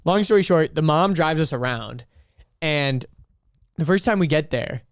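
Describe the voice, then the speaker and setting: A man's voice: on the high side, animated, measured pace, clear, resonant tone, no room sound, clean studio sound. A man co-hosting a podcast, telling a rambling story in casual chat. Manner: rambling, self-correcting storyteller. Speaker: podcast co-host.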